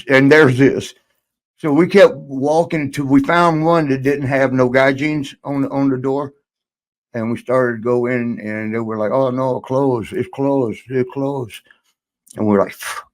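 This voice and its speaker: An older man, a guest in a shoot interview, telling a rambling story and laughing now and then. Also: medium pitch.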